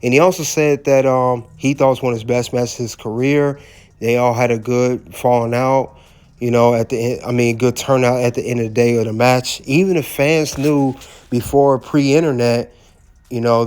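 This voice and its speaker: A man's voice: mid-range voice, fairly even intonation, normal speed, darkish tone, clean tone. A man hosting a commentary recap, speaking hesitantly with frequent filler words. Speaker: wrestling commentary host.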